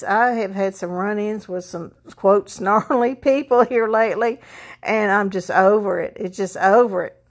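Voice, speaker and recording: A woman talks casually to her viewers as a vlogger. She rambles from one thing to the next, filling gaps with ums and starting sentences over. Her voice sits at an ordinary middle pitch. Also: a little slow. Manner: rambling, chatty, many fillers and restarts. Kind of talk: casual chat.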